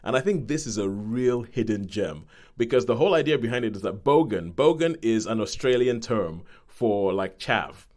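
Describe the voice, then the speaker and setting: A lowish, darkish male voice with lively intonation moves at normal speed. He's a podcast host rambling casually through a review, self-correcting often and impersonating quoted voices.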